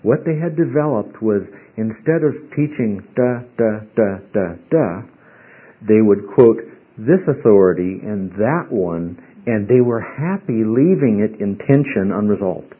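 A man with a low, husky voice leads a Bible study. He pauses often, stumbles over words and turns questions back to his class. The sound is muffled and lo-fi. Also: animated. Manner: halting, repeats words, asks the class questions. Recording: muffled lo-fi recording.

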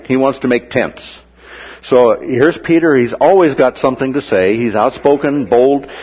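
A man's voice: medium pitch, slightly rough, long reverb tail, dull audio. A man teaching through a Bible passage in a conversational way, with many "uh" and "right?" asides, sometimes acting out the quoted voices.

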